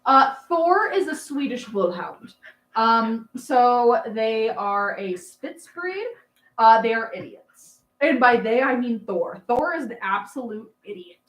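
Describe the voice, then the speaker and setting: A woman's voice: fairly high pitch, lively intonation, slow, echoey room. A woman in her thirties chatting casually on a livestream, rambling with fillers and laughs, doting on her dog. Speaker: livestream host.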